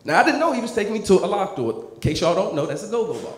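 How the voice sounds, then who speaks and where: A man in his thirties from New Jersey doing stand-up, telling stories in a profane, animated way. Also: high voice, racing, roomy sound. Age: 30s. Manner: profane, animated storytelling, many filler restarts. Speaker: stand-up comedian. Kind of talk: stand-up comedy storytelling.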